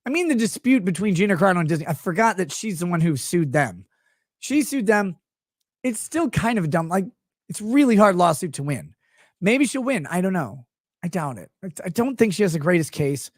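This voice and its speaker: A man's voice: sits high, big pitch swings, fairly quick, dry recording, studio quality. A man hosting a livestream, ranting in a rambling, sarcastic and profane way into a desk microphone. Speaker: show host. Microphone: streaming desk microphone.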